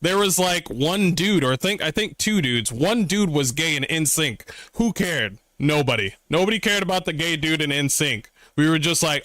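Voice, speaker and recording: Excitable, foul-mouthed male streamer. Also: fairly high pitch, normal speed, hardly any pauses, no echo, studio quality. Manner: excitable, swears often, mocks with voices. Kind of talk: profane reaction commentary. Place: his room.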